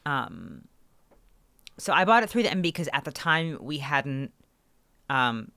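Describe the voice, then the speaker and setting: A woman co-hosting a podcast, telling a story in an animated, ranting way with swearing, close to her microphone. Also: low-pitched, slow, creaky, dry recording. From Canada. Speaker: podcast co-host. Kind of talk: casual podcast chat. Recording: dry close-mic sound.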